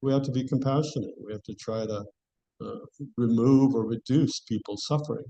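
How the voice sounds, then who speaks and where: Leading a scripture class, this class speaker has a mellow, warm voice in a middle male range, though brisk and gravelly. He talks conversationally, restarting phrases as he thinks, on a rough recording.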